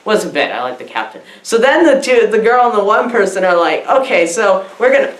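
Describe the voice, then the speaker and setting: A woman's voice: mid-range voice, big pitch swings, brisk. A woman giving a rambling, dim-witted comic movie review, giggling as she meanders and acts out the characters. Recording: echoey room.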